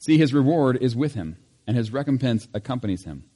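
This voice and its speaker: A male pastor leads a church service in the sanctuary, praying and reading scripture at a measured pace and raising his voice on key lines. His medium-pitched voice is animated and dark-toned, with a big-room sound.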